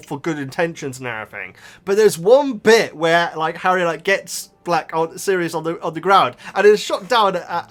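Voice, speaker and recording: A man's voice: on the high side, fairly bright tone. A man chatting casually and rambling with enthusiasm as he reviews a book, laughing often. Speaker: YouTube reactor.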